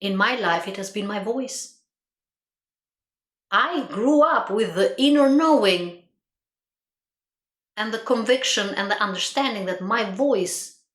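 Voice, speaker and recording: A woman giving an earnest reflective monologue as a motivational speaker, who repeats herself for emphasis and laughs at her own stories. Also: mid-range voice. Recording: roomy echo.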